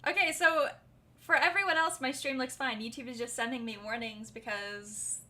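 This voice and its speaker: A bubbly young woman with a bright, crisp voice set a little high, giggling as she rambles through a casual stream chat. She jumps from topic to topic in an easy, talkative way. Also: steady tone, moderate pace. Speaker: debut novelist and streamer.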